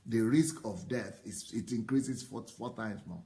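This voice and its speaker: Gravelly-voiced man in his fifties, a pastor. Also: lowish voice, unhurried, mellow. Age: 50s. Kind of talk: casual conversational teaching.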